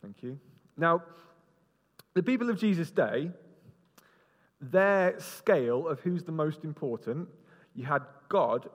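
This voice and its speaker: A man's voice: a little high, takes it slowly, long pauses, lo-fi sound. A man preaching an interactive sermon, joking with volunteers and directing them around the stage. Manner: lively, jokey, directing people on stage. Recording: long reverb in a large hall.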